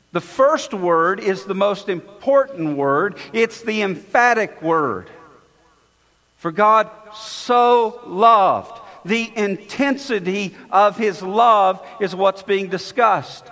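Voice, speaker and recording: A man preaching a sermon, stressing and repeating key words with dramatic pauses. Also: high-pitched, a bit bright, in a large hall.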